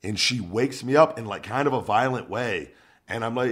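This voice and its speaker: Low-voiced man telling a rant. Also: moderate pace, slightly rough. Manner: animated storytelling with profanity. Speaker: podcast host, former wrestler. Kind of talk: casual podcast chat.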